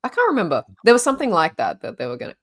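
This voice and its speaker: Low-voiced chatty Australian woman. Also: huge pitch swings, rapid-fire, fairly bright tone. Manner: chatty, enthusiastic, many fillers. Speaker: podcast co-host. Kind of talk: casual chat.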